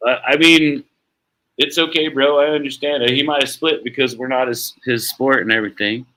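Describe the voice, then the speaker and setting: A man's voice: mid-range voice, fairly even intonation, fairly quick, bright, forceful tone, poor audio. A man hosting a live stream, chatting casually about sports in a rambling, laid-back way and swearing now and then. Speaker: stream host.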